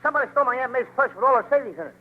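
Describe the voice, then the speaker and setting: A man's voice: very high-pitched, animated, racing. A male comedian trading childish, boastful wisecracks in a 1940s radio comedy double act. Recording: tinny old radio broadcast.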